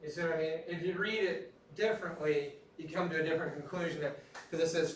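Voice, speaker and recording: A middle-aged man lectures an anatomy class in a loose, chatty way, with joking asides. His voice sits a little high for a man. The recording catches him from well back in a heavily echoing classroom. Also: fairly even intonation, quick pace, fairly bright tone, slight background noise. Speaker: anatomy instructor. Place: large echoey classroom. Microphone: recorded from a distance. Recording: echoey classroom from far off.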